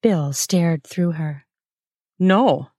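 A woman narrating a read-aloud erotic story in a measured, unhurried way. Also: low-pitched, warm tone, dry recording, studio quality.

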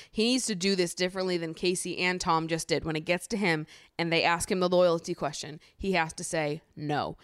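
Smooth-voiced woman ranting about reality TV. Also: lowish voice, no room sound, clean studio sound. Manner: animated, swears freely, exasperated ranting. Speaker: podcast host. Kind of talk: casual reality TV recap.

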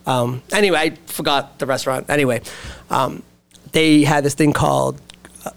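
A man's voice: medium pitch, steady tone, moderate pace, vocal fry, fairly bright tone. A man co-hosting a casual chat who tells a restaurant story in a loose, rambling way. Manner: rambling, with many fillers and restarts. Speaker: podcast co-host.

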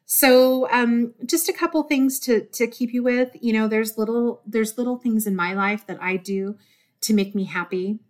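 A woman's voice: fairly high pitch, normal speed. A woman hosting her own podcast, talking earnestly from the heart and getting teary, in a loose rambling monologue. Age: adult with a desk job. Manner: warm, earnest, easily moved to tears. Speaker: podcast host.

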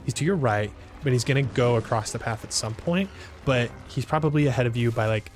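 A man narrating as game master of a tabletop game, relaxed and full of hesitations. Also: medium pitch, a little fast, faint music behind. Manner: relaxed, hesitant with many fillers.

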